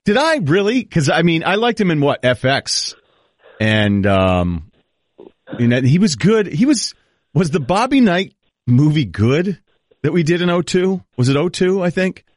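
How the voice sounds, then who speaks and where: A man's voice: fairly high pitch, sing-song, a little slow, no room sound, clean studio sound. A man hosting a talk show, chatting loosely and joking with his guest. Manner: easygoing, joking, trails off and restarts. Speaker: host. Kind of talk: casual chat.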